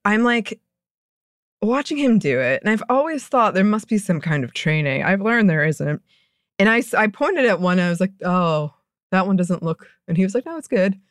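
A woman's voice: mid-range voice, expressive, normal speed, dry recording, clean studio sound. A woman co-hosting a podcast, telling a story in a casual chat, laughing often. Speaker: podcast co-host.

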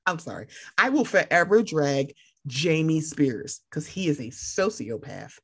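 A young woman co-hosting a casual chat, animated and swearing, acting out other people in loud high voices. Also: unhurried, breathy edge. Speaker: podcast co-host.

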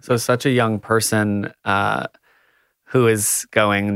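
A man hosting an interview, asking thoughtful questions and pausing to search for words. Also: fairly low pitch, little pitch movement, a bit bright, smooth, no room sound, studio quality. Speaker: podcast host.

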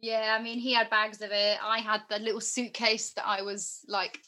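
A woman's voice: mid-range voice, level tone, normal speed, sharp tone. A young woman in her twenties chatting as an interview guest, rambling with many fillers. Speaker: guest musician and actor. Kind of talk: casual interview chat.

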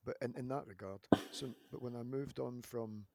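Man, thirties, gravelly, mid pitch, rambling podcast chat. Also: moderate pace, no echo. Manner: animated, rambling storytelling with restarts. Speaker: podcast host, wrestler.

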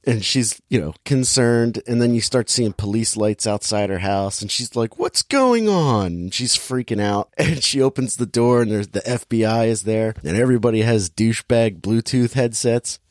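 A man casually recapping a movie plot with sarcasm, briefly acting out the characters' lines in quick impressions. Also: fairly low pitch, steady tone, no echo, clean studio sound. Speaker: podcast host recapping a movie. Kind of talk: casual chat.

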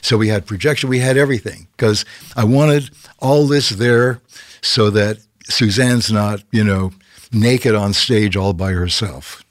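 Older male guest from Canada, relaxed storyteller, lowish voice, dry close sound. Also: a little slow, no echo. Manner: lively raconteur who acts out quotes and keeps tagging okay?. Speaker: guest telling stories. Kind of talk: casual anecdotal storytelling.

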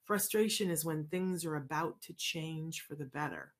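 A woman hosting a casual live chat, answering viewers in an animated, conversational way and often checking in with "right?". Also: deep voice, normal speed. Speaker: host answering viewer questions.

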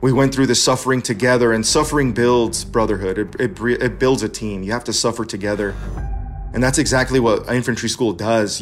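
A man from California in his thirties, earnestly telling his own life story and acting out the dialogue he recalls. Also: mid-range voice. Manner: earnest, acts out quoted dialogue. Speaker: veteran storyteller. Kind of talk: personal narration.

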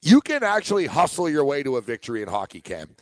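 An opinionated man talks hockey and betting with a slightly high voice. He is animated and laughs often. The sound is dry and close to the mic. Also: quick pace, dry recording, low-quality recording. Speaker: sports betting podcast co-host. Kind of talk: casual sports betting chat.

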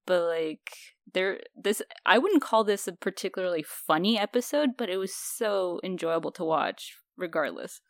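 A woman's voice: fairly low pitch, animated, moderate pace, no echo. Wry woman co-host, dry close sound. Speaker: podcast co-host. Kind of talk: casual podcast chat.

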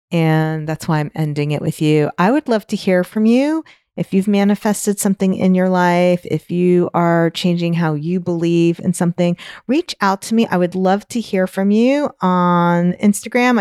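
A woman's voice: lowish voice, clear, resonant tone, dry recording, studio quality. Chatty middle-aged woman telling stories. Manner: chatty storytelling, animated restarts. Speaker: podcast host. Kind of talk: solo podcast monologue.

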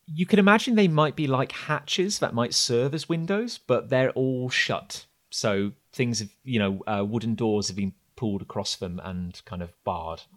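Game master, male, mid-pitched, hesitant, filler-heavy scene-setting. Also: animated, normal speed, hardly any pauses. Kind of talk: narrating a tabletop game.

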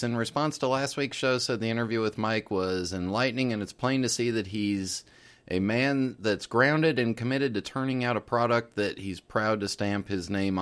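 A man hosting a podcast, casually reading listener letters aloud with the odd filler. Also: lowish voice. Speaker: podcast host.

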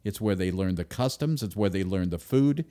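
A man giving a speech to an audience, emphatic, with sudden loud stresses and drops to a near-whisper. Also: low-pitched, lively intonation, moderate pace. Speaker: speaker.

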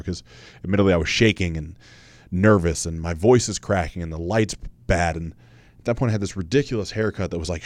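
A man in his thirties with a fairly low voice tells his own story on his podcast. He speaks candidly and earnestly, repeats phrases for emphasis and swears now and then. The sound is dry and close, with no room around it. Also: darkish tone, dry recording. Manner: candid, conversational, swears casually. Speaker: podcast host. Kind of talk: personal storytelling monologue.

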